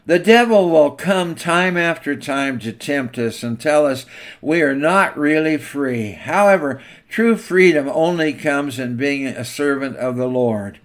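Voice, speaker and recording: A man's voice: fairly high pitch, expressive, unhurried. A man preaching a sermon in an emphatic, exhorting way.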